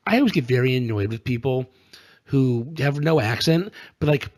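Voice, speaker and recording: A man's voice: medium pitch, expressive, normal speed, a little mellow. A man co-hosting a casual political podcast, talking in a sarcastic, exasperated way with many "um"s. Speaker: podcast co-host.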